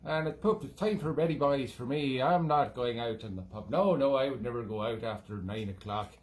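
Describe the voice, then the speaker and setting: A man's voice: mid-range voice, moderate pace, lightly acted. A Scottish man voicing a boozy, cheeky male leprechaun who hosts a music show, in an exaggerated put-on Irish lilt, rambling into nonsense. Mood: grumbling. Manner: rambling, jokey, drifting into nonsense. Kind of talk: comic character monologue.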